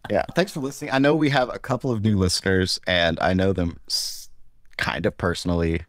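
A man's voice: low-pitched, a little fast, no room sound, studio quality. A man co-hosting a podcast in casual chat, loose and joking, laughing easily, recorded through a remote streaming app. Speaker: podcast co-host.

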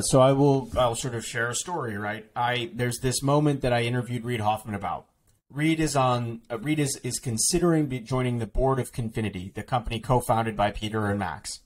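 A man's voice: medium pitch, a little mellow, slight background noise. Chatty man with many fillers. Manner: fast, rambling, frequent "like" fillers and restarts. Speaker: author and podcast guest. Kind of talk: casual interview talk.

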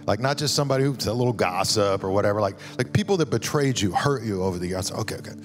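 A man's voice: on the low side, animated, fast talker, faint music behind. A man preaching a sermon as a guest pastor, telling stories in a conversational way and acting out the lines he quotes.

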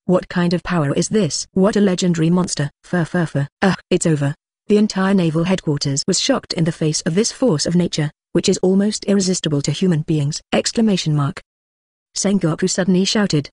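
A synthetic text-to-speech voice reading a novel aloud as an audiobook narrator, flatly reading out punctuation marks. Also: medium pitch, dry recording, clean studio sound.

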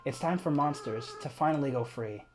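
A man voicing a remorseful, tearful young goat-monster boy as he reads a game's dialogue aloud in a soft, slow way. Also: mid-range voice, soft background music, natural voice. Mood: earnest. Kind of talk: reading game dialogue aloud.

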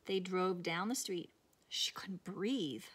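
A woman teacher reading a picture book aloud to her students in an expressive storytelling manner, from a classroom. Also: lowish voice, takes it slowly, husky.

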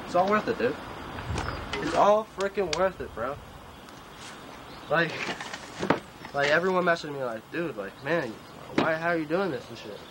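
A young man with a high, light voice rambles through a foul-mouthed comic rant, tossing in "man" and "bro" at every turn. Loud outdoor noise sits under him the whole time. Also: animated, normal speed, pauses often. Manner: rambling, profane, slangy, swings between griping and bragging. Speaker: clothing designer character. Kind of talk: improvised comedic monologue. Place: outdoors at a tent camp.

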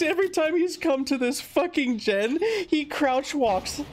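A woman's voice: high voice, animated, measured pace. A woman streamer giving live gameplay commentary, laughing often and swearing freely.

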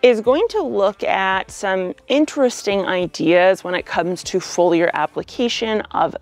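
A woman with a Canadian accent and a hoarse voice, explaining gardening in a casual, upbeat video with joking asides. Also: mid-range voice, measured pace, no echo. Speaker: gardening educator.

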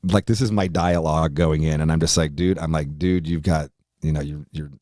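Deep-voiced man telling a rowdy story. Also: steady tone, a little fast, warm tone, no room sound, studio quality. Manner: profane, rambling, laughs while telling. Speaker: podcast guest, musician. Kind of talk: casual storytelling anecdote.

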